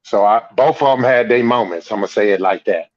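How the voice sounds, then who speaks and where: A man's voice: fairly low pitch, fairly quick, a little mellow, highs cut off. A man calling into a podcast in an easygoing way, tagging his sentences with "man". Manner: easygoing, sprinkles 'man' everywhere. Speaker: caller. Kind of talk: casual call-in commentary.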